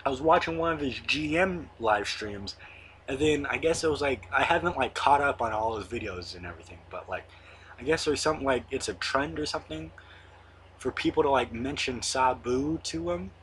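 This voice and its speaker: A man's voice: medium pitch, lively intonation, moderate pace, a bit bright, a little hiss or hum. A young man in his late teens hosting his own online show, rambling casually with lots of fillers and the odd swear word. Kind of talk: casual monologue to camera.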